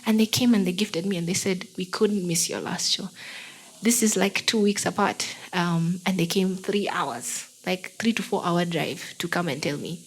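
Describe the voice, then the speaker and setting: Young Kenyan woman, guest singer. Relaxed interview chat in a Kenyan accent, animated and expressive, acts out the people in her stories. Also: fairly low pitch, normal speed, breathy edge, rough recording. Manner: lively storyteller who acts out the people she quotes.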